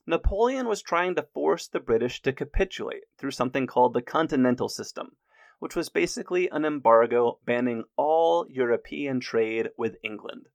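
A man narrating history from a script, lively with jokey asides. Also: medium pitch, normal speed, vocal fry, no room sound, studio quality.

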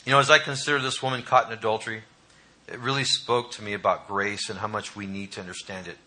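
A man preaching a sermon to a congregation, reading scripture and commenting with dramatic emphasis and pauses. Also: on the low side, fairly even intonation, pushed and bright. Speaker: pastor. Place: church hall.

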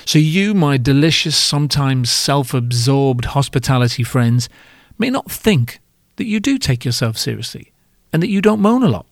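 A man's voice: medium pitch, expressive, normal speed, no room sound. Man, podcast host, comic monologue, wry, self-mocking, sweary, dry close sound.

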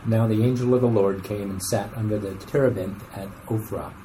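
A man in a study group reads scripture aloud with a lowish, mellow voice. His reading is steady and plain, with faint background noise behind him. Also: fairly quick, poor audio.

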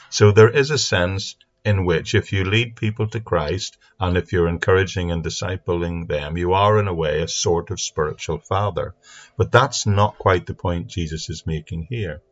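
A man giving an earnest, steady Bible teaching talk into a microphone for an online audience. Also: sits low, normal speed. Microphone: speaking into a mic. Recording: dull lo-fi sound.

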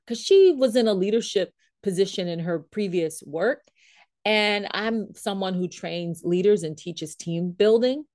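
A woman leadership coach and trainer telling a story in a coaching talk. She is animated, acts out what people said and laughs often. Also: mid-range voice, no room sound, clean studio sound.

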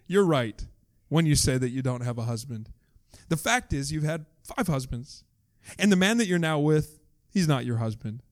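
A man playing a gentle, kindly Jesus with a soft, lowered, quiet voice. His manner is patient and affirming, never harsh. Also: lively intonation, normal speed, natural voice.

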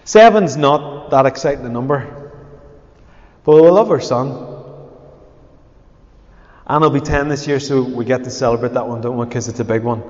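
A man, a pastor giving a conversational, animated sermon with asides to the congregation. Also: medium pitch, moderate pace, long pauses. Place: church hall. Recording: echoey church hall, dull sound.

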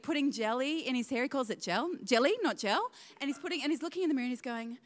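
A woman's voice: high-pitched, animated, fast, big-room sound. A woman in her thirties with an Australian accent, a guest pastor giving a sermon in a church, chatty and self-deprecating with laughing asides. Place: church auditorium.

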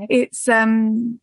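A woman's voice: on the high side, vocal fry, no room sound. A woman, hosting a casual podcast chat, candid and swearing freely as she acts out what others say. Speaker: podcast host.

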